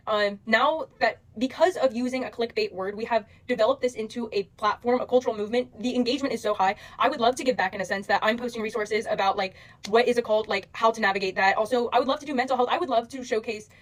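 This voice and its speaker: A young woman speaks straight to camera for her followers, her voice a little high and her words tumbling out quickly. She rambles earnestly and emotionally through a stream of fillers. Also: low-quality recording. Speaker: social media creator. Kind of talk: direct-to-camera address to followers.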